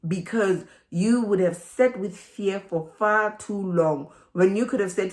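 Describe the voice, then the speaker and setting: A woman's voice: medium pitch, measured pace, few pauses. A woman with a South African accent giving a motivational talk to her viewers. She laughs often and acts out the voices in her head. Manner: animated, laughs often, acts out inner dialogue. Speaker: relocation vlogger.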